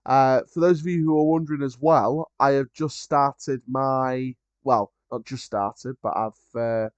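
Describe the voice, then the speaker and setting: A man's voice: medium pitch, steady tone, measured pace, smooth, dry recording, lo-fi sound. A man hosting a live football watchalong, chatting casually about the match and other scores, with frequent ums and restarts.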